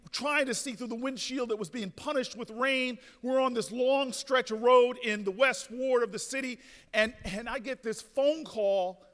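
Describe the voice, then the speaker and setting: High, bright-voiced man giving a rousing speech. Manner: repeats words in stumbling starts, builds to shouting crescendos. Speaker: speaker at a convention. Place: large hotel ballroom. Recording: reverberant ballroom.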